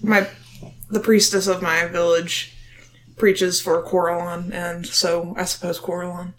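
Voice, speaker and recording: A woman's voice: fairly low pitch, flat delivery, unhurried, slight background noise, poor audio. A woman playing a tabletop game with friends, joking around and swearing casually. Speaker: player.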